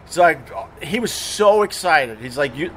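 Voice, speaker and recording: A man's voice: a little high, expressive, unhurried, husky. A middle-aged man, a former radio DJ, telling casual stories in a rambling, profane way, full of fillers and restarts. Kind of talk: casual storytelling monologue.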